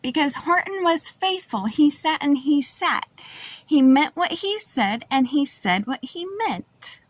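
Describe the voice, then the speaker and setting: A woman reading a rhyming children's book aloud in a sing-song, animated storytime voice. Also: high-pitched, measured pace, dry recording. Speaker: storytime reader.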